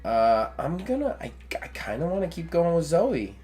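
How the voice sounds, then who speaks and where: A man's voice: a little high, wildly swooping pitch, moderate pace, warm tone. A man co-hosting a game stream, chatting casually, joking, laughing often, and reading game text aloud dramatically. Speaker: let's play co-host.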